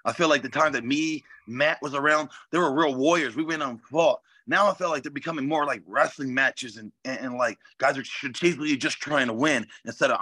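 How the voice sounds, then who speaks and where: Brash, swaggering man with a bright voice. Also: on the high side, a little fast, few pauses, no room sound. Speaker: fighter guest. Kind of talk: casual interview chat.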